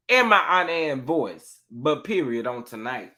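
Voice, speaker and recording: A man's voice: mid-range voice, very animated, a little slow, few pauses, sharp tone. A young man, a little tipsy and sassy, hosting a casual live stream, repeating his phrases with a drawl and greeting viewers in the chat. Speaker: livestream host.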